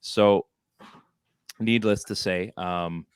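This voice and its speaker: Man, podcast co-host, low register, dead-dry close mic, animated rambling storyteller. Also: drawn-out words, clear, resonant tone, no echo. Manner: animated, rambling anecdote with self-deprecating laughs. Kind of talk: casual storytelling chat. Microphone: close studio microphone.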